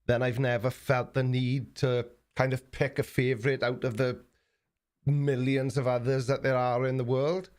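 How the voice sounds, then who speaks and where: A man's voice: medium pitch, flat delivery, normal speed, a little mellow. A man hosting a livestream, chatting casually and reading out viewer messages, rambling with lots of fillers and self-mocking asides. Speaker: livestream host.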